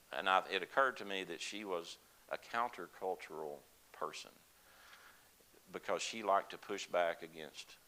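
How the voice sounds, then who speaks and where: A man's voice: sits low, pushed and bright, a little hiss or hum, poor audio. An older man telling a personal story to a congregation in a folksy, conversational way. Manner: folksy, conversational, with laughs and asides. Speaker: lay speaker at a church service.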